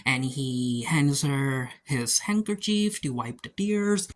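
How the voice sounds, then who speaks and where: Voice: mid-range voice, animated, slow pace. A person casually recapping a TV episode, retelling scenes in a chatty way with playful paraphrased dialogue and plenty of "and I'm like". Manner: frequent fillers like "and I'm like". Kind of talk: casual spoken recap review.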